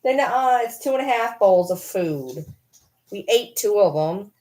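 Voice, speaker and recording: A woman's voice: medium pitch, expressive, a little slow, darkish tone. A woman vlogger at home, chatting casually and teasing her dogs with baby talk.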